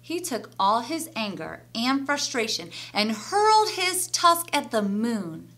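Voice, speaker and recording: A woman teacher reading a children's story aloud with an expressive storyteller voice. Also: on the high side, takes it slowly.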